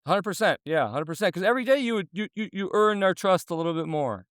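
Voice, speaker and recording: A man's voice: high voice, animated, quick pace, a bit bright, no room sound, studio quality. A middle-aged man, a former zookeeper, speaking in an earnest, rambling way, with many restarts and fillers, as a guest in an interview. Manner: gets emotional when talking. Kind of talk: casual interview talk.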